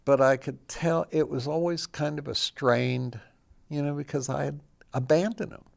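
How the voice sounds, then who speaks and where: Older guy, super gravelly, talks plain and reflective about his life. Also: on the high side, normal speed. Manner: plain-spoken, reflective, quotes others in his telling. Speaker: interview guest. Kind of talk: personal recovery story.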